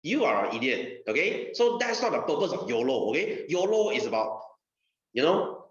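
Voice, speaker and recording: Man, science teacher, chatty and repetitive, lively pitch, echoey muffled recording. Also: normal speed. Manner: chatty, repeats phrases, asks rhetorical questions. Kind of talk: casual recorded science lesson. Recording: dull, roomy recording.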